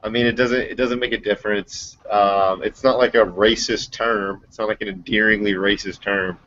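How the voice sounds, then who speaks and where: A man joining a panel discussion as a guest, talking in a relaxed, casual way. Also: fairly low pitch, normal speed. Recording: lo-fi web call audio.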